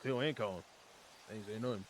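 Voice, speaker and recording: A man's voice: fairly low pitch, a little fast, a little hiss or hum, close to an everyday voice. A man voicing a folksy Cajun swamp man with a put-on drawl and broken grammar, in a role-play game.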